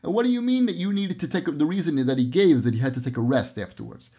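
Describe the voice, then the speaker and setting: A man's voice: on the high side, lively intonation, quick pace, mellow, breathy edge. A man giving a Torah lesson on his podcast, telling stories and briefly acting out the people in them. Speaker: rabbi teaching on a podcast.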